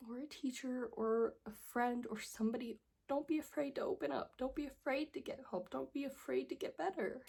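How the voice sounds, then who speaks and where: A woman's voice: high voice, steady tone, fairly quick, vocal fry, few pauses, darkish tone, slightly rough. A young woman telling her personal story in a vlog, emotional and earnest, tearful as she pleads with viewers. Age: young adult. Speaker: vlogger.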